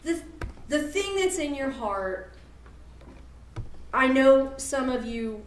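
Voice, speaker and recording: A woman leading an advocacy workshop, quizzing her audience and making joking asides in a lively talk. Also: high voice, slow pace, pauses often. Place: meeting room at a church event. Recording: roomy hall, from far off.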